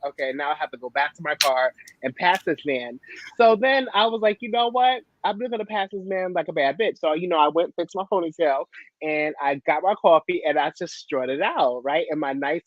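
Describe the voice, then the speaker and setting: A woman on a video call telling a story in a sassy, animated way, laughing often. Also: sits low, no echo, highs cut off. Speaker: panelist. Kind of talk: casual storytelling.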